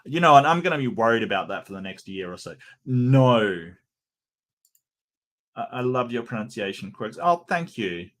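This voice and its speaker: An Australian man talks casually to his stream audience at a middle pitch. He jokes with the chat and keeps stumbling into restarts and repeated words. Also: sing-song, fast, hardly any pauses, fairly bright tone. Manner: chatty, stammering restarts, joking with chat. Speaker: streamer host.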